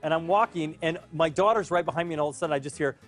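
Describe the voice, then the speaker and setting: A man telling an animated family story as a talk show guest. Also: on the high side, racing, music in the background. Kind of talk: casual anecdote.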